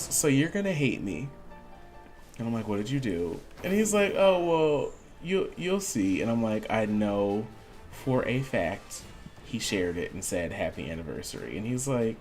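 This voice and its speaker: A man's voice: mid-range voice, moderate pace, faint music behind. A man streaming a video game, chatting casually and acting out the voices of people in his story. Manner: animated storyteller, acts out quoted voices. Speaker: gaming streamer. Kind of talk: casual storytelling while gaming.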